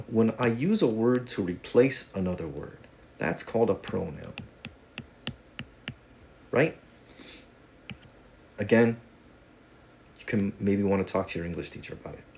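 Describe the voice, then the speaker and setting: A man with a somewhat low voice runs a casual video lesson on Spanish grammar. He talks to the class in a conversational, joking way, full of playful asides. A faint hum of room noise sits behind him. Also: vocal fry, darkish tone. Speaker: Spanish teacher.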